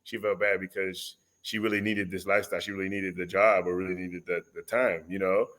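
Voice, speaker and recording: A man's voice: deep voice, little pitch movement, fairly quick, a bit bright. A man being interviewed on a podcast, telling stories in casual chat, acting out quotes and laughing often. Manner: storyteller who acts out quotes, laughs often. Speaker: podcast guest.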